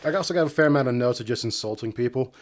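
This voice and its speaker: A man's voice: medium pitch, racing. A man co-hosting a casual movie podcast, talking loosely and profanely with lots of "like". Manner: loose and profane, heavy use of "like". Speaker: podcast co-host.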